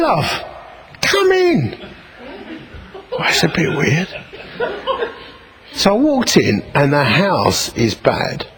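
Animated vicar telling a story. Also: male voice, medium pitch, low-quality recording. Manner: animated, self-mocking, acts out voices in anecdotes. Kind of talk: storytelling sermon.

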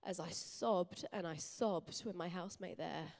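A woman's voice: lowish voice, a little slow, creaky, darkish tone. A young woman giving a sermon in an earnest, personal, conversational way. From England. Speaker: church speaker. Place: church hall.

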